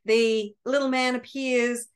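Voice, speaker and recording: A woman mindset coach retelling a fairy tale in a chatty, animated way, often correcting herself. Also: fairly high pitch, slow pace. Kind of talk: casual storytelling.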